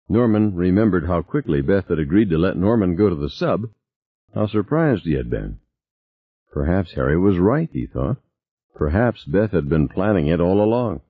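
A man narrating an audiobook in an expressive reading, on a slightly dull recording. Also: low-pitched, moderate pace, breathy edge, dry recording. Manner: expressive reading with character voices.

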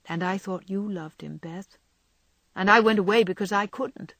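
A woman's voice: mid-range voice, moderate pace, a bit bright, no echo. A woman voicing a headstrong, passionate young woman, speaking with raised, pleading intensity. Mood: reproachful. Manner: impassioned and pleading.

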